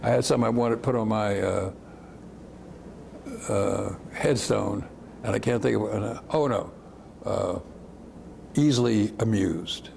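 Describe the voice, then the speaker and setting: A man's voice: fairly low pitch, measured pace, creaky, long pauses, darkish tone, slight background noise. An older man, a civil rights veteran, describing old photos fondly, often chuckling and trailing off. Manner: chuckling, fond, rambling. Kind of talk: reminiscing talk.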